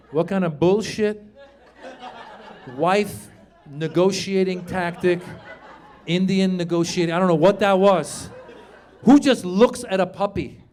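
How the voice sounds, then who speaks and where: A middle-aged man from Iran performing a stand-up comedy set on a club stage, acting out voices and shouting his punchlines into a handheld mic. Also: high-pitched, unhurried, long pauses.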